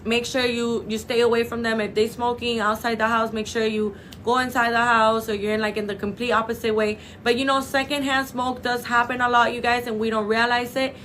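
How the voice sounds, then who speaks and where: A woman's voice: fairly high pitch, level tone, a little fast, hardly any pauses, fairly bright tone, a little hiss or hum. A woman hosting a casual live stream from a cosmetic surgery clinic, chatty and gushing, full of "you know" and "like," calling her viewers babe and girl.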